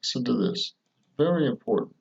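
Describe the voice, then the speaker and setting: A man hosting his own channel, giving slow, measured commentary and repeating his key points. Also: mid-range voice, very animated, creaky. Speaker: channel host commenting on a clip. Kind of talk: commentary voice-over. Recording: lo-fi dull sound.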